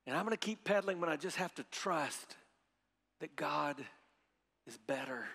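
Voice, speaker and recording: High-voiced preacher in a reverberant hall. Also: male voice, normal speed. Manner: animated storytelling, swings from hushed to loud; repeats phrases, leads audience call-and-response. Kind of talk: sermon.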